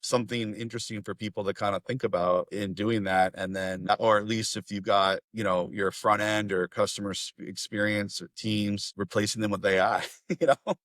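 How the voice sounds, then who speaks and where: A man hosting a podcast in casual conversation, animated and laughing often as he talks in quick bursts. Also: on the low side, dry recording. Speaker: podcast host.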